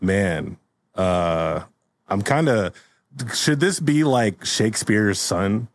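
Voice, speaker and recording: Male podcast host, lower register, loose rambling banter. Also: animated, takes it slowly, dry recording. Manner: laid-back, rambling, laughs often. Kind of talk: casual chat.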